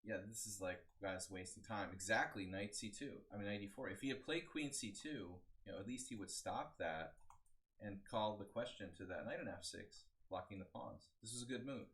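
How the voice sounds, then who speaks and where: A man's voice: lowish voice, normal speed, a bit bright. A man in his forties, a chess coach, giving a casual, rambling live-streamed analysis of games and chatting with his viewers. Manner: casual, rambling, talks to chat.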